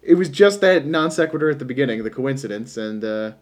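A man co-hosting a podcast, chatting casually about a movie, animated and jokey, laughing often. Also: medium pitch, brisk. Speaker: podcast co-host. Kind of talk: casual movie review chat.

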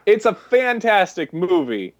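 This podcast co-host is a man with a high, very animated voice who takes his time. He chats loosely about a movie, sarcastic and full of "like" fillers.

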